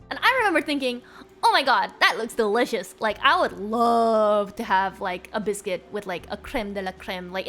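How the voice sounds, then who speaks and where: A young woman chatting on a live stream, bubbly and quick to giggle. Her voice sits high, and faint music plays behind her. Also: fairly bright tone. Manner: giggly, bubbly, chats with viewers. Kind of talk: casual live-stream chat.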